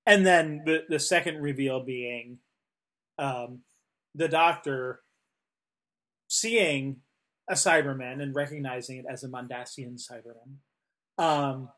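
Man, podcast co-host, slow and halting, full of "um"s. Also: mid-range voice, a bit bright. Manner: hesitant, many fillers and restarts. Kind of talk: casual discussion.

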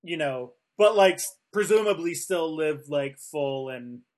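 Slow, hesitant man chatting. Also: a little high, animated, a little mellow. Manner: hesitant, many fillers and restarts. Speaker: podcast co-host. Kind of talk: casual discussion.

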